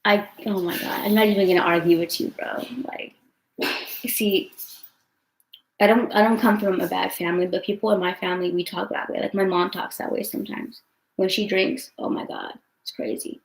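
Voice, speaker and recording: A woman's voice: mid-range voice, little pitch movement, moderate pace, creaky. A young woman venting on a livestream, rambling and swearing a lot with many fillers, upset and tearful. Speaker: vlogger answering live chat. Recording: roomy echo.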